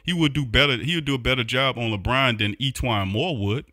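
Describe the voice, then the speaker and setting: A man's voice: mid-range voice, fairly quick, sharp tone, no room sound, clean studio sound. A man hosting a sports podcast, ranting heatedly with a New Orleans accent and repeating himself in frustration. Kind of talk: opinionated sports recap.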